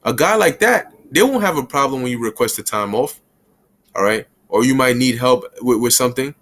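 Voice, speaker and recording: A man giving a conversational Bible lesson in casual street slang, breaking into quick little acted scenes. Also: medium pitch, animated, a bit bright. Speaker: bible teacher.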